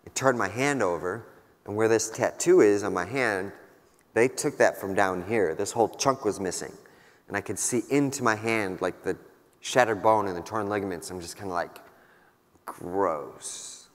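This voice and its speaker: Lowish-voiced guy in his 30s, keynote speaker, wry and casual, long echo from a big hall. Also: normal speed. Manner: candid, casual, wry, filler-heavy storytelling. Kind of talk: personal war story told on stage. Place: large conference hall.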